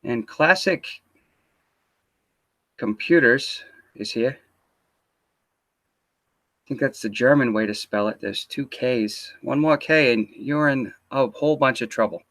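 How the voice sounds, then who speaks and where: A man's voice: medium pitch, slow, long pauses, a bit bright. A man hosting a casual livestream interview, teasing and swearing loosely as he chats into a computer mic. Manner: teasing, profane, loose banter.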